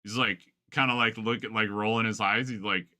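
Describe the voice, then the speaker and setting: A man's voice: on the low side, steady tone, a little fast, bright, forceful tone, no room sound, studio quality. A man streaming a game, chatting casually with friends in a rambling, profane way and laughing often. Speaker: gaming streamer. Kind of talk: casual chat while gaming.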